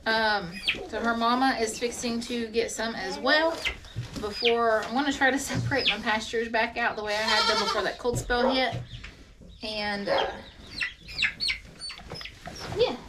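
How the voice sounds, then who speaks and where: Woman goat farmer, casual rambling vlog voice, slightly high, barn noise and chickens behind. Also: fairly even intonation, moderate pace. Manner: chatty, rambling explanations. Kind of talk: casual how-to farm vlog. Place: barn feed room. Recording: farm noise with clucking chickens.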